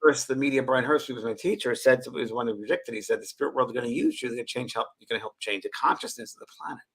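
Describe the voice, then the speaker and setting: A man's voice: medium pitch, very fast, husky. A middle-aged man, a medium, telling stories in a casual chat and acting out the voices of the people he quotes. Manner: animated, acts out quoted voices, laughs often. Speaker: medium and show co-host.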